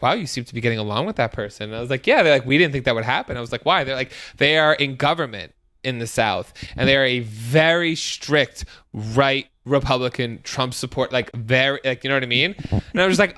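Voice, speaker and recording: A young man in his twenties co-hosting a podcast, telling stories in a casual chat and acting out quotes in high squeals. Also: brisk. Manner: animated storyteller, acts out quotes with high squeals. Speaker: podcast co-host.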